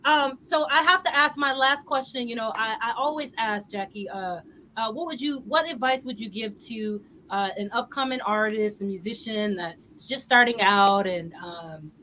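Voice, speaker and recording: Brief: woman host, high bright voice, effusive, chatty questions. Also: moderate pace, a little hiss or hum, low-quality recording. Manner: gushing, laughing, filler-heavy questions. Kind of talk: casual live-stream interview.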